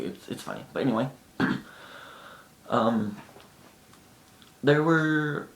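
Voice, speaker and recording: His voice is creaky with a fairly bright tone. The man, a vlogger, tells casual stories to the camera in a chatty way, now and then performing what his friends said, and the room sounds echoey with a faint rumble.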